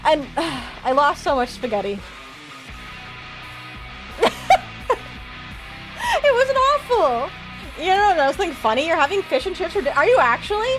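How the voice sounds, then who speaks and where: Chatty high-voiced woman streamer. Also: very animated, over music. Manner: chatty, rambling, quick to laugh. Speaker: live streamer opening trading cards. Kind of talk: casual live-stream chat.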